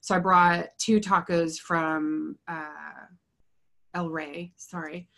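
A woman's voice: low-pitched, fairly even intonation, slow, creaky, a bit bright. A young adult woman, a therapist, chatting casually and rambling through a story, laughing often. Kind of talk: casual chat.

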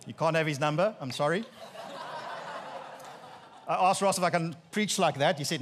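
A man in his thirties with a South African Afrikaans accent, an Afrikaans native speaker, preaching with humorous, animated storytelling and mock-incredulous asides. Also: fairly high pitch, a little fast, long pauses, slight background noise. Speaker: pastor. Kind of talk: sermon.

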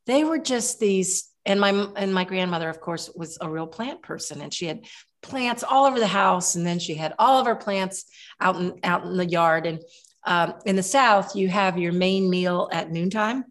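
A woman in her seventies, a guest herbalist, telling long rambling stories in a relaxed interview, with many restarts. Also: fairly low pitch, moderate pace. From Kentucky.

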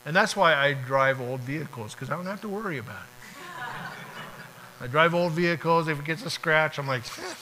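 Fast and sharp-toned, a man's slightly high voice carries a pastor's casual sermon, complete with acted-out short prayers and dialogues. The audio is poor, with a little hiss or hum.

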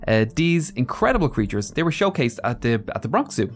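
A man's voice: medium pitch, sing-song, a little fast, faint music behind. A man co-hosting a podcast, telling facts in a loose, chatty way with asides. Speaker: podcast co-host. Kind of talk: casual storytelling chat.

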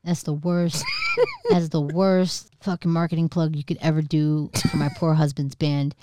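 A woman co-hosting a podcast, telling a rowdy childhood story in casual chat, animated and profane, acting out voices. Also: low voice, normal speed, heavy background noise. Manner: animated, acts out voices, swears freely. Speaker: podcast co-host.

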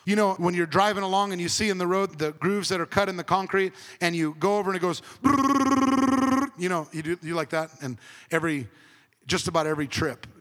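A man preaching a conversational sermon as pastor, swinging between emphatic and hushed. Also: sits high, fairly even intonation, fast, big-room sound.

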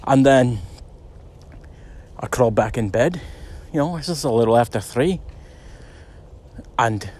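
A man's voice: medium pitch, lively intonation, a little slow, long pauses, darkish tone. A middle-aged man telling a story in a rambling, chatty way while out on a walk outdoors. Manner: rambling, chatty, many "you know"s. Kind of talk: casual spoken storytelling.

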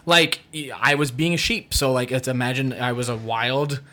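A man's voice: mid-range voice, moderate pace. A male actor telling a funny story in casual conversation, laughing often as he talks. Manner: laughs often, lively anecdote.

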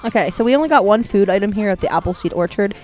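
A woman's voice: medium pitch, expressive, racing, darkish tone. Woman, casual co-host, reads item names carefully, outdoors, faint music behind. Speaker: podcast co-host. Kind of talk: casual chat reading a menu. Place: outdoors at home.

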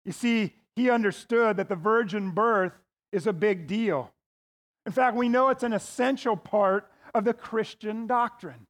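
A man's voice: high-pitched, unhurried, fairly bright tone. A male pastor preaching in a conversational, folksy way with playful asides. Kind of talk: sermon.

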